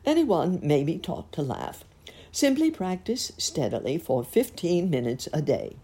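Lady putting on a slow solemn bookish old scholar, lecturing tone. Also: low-pitched, sing-song, warm tone, breathy edge, voice pushed up, full character voice. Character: solemn bookish wise man.

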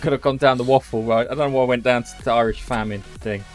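A man hosts a podcast, chatting casually, joking, rambling, and swearing now and then. He talks fast at a medium pitch with fairly even intonation, over soft background music.

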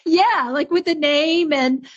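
A woman's voice: high-pitched, takes it slowly, highs cut off. A woman hosting a podcast interview, asking questions in an upbeat, inviting way. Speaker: podcast host.

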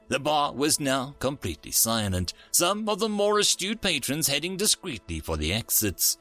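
A man narrating a science fiction story in a lively storytelling way. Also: a little high, moderate pace, hardly any pauses, soft background music.

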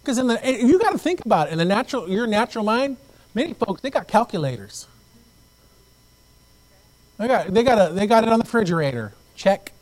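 A man preaching a sermon as pastor, telling stories with lively acted-out voices and repeating phrases as he goes. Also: high voice, fairly quick, long pauses, low-quality recording. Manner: animated storytelling, acts out quoted voices. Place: church.

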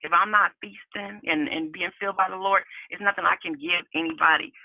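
A woman's voice: fairly low pitch, fairly even intonation, brisk, creaky, a little hiss or hum. A middle-aged woman calling in to a prayer line, giving an earnest, breathless testimony with laughter between phrases. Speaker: caller sharing testimony. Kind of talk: emotional testimony on a prayer call. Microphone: phone. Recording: tinny, dry phone line.

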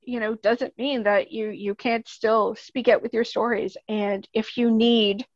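A woman's voice: on the high side, steady tone, measured pace, no room sound, muffled recording. A woman with a Canadian accent, speaking as a podcast guest in casual, earnest, rambling chat, laughing often.

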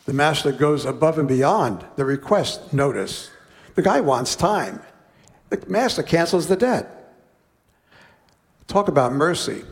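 A man's voice: fairly high pitch, in a large hall. A man preaching a sermon, reading a parable aloud and breaking off for conversational, wry asides.

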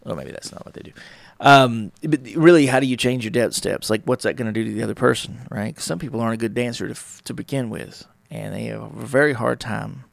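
A man with a deeply gravelly, fry-heavy voice talks through his podcast in a loose, rambling way, breaking into little back-and-forth bits of dialogue. The sound is dry and close, with no room around it. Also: no room sound. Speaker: podcast host. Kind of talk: casual solo talk on relationships.

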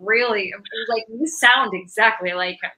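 A woman's voice: a little high, a little slow, pushed and bright. A woman comedian in a casual podcast chat, talking in loose phrases packed with fillers. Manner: filler-heavy, laughing asides. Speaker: comedian host.

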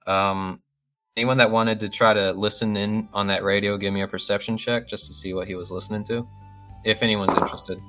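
A man's voice: on the low side, fairly even intonation, fairly quick, bright, forceful tone, faint music behind. A man narrating a tabletop role-playing game as game master, casual and full of fillers, over a video call.

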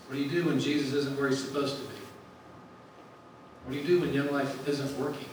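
A man's voice: mid-range voice, flat delivery, brisk, a little hiss or hum. Guy preaching, chatty q and a style, big echoey room, sounds far from the mic. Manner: conversational, asks questions and answers them. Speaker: speaker at a ministry gathering. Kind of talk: sermon.

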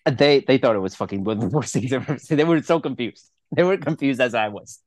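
A man's voice: mid-range voice, quick pace, no room sound. A man co-hosting a casual movie review podcast, ranting and swearing in a rambling way. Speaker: podcast co-host.

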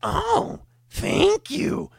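A man doing a high, gasping, squeaky voice of a startled older man, like a gremlin. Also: very slow, no echo, studio quality.

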